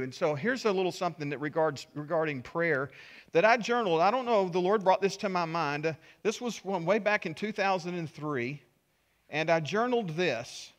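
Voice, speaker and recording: A man's voice: sits high, fairly bright tone. A middle-aged male pastor preaching a sermon, sharing personal stories with earnest, emphatic appeals.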